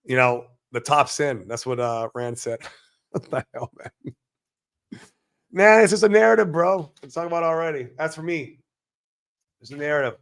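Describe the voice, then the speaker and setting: A man hosting a casual crypto livestream, brash and profane, swinging between loud hype and mumbled asides as he reads chat comments. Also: fairly high pitch, lively intonation, moderate pace, long pauses, smooth.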